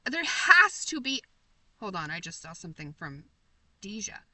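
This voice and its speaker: A woman's voice: on the low side, very animated, moderate pace, pushed and bright, dry recording. An American woman hosting a casual livestream, chatting and reading viewer comments in a rambling, effusive way. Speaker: livestream host.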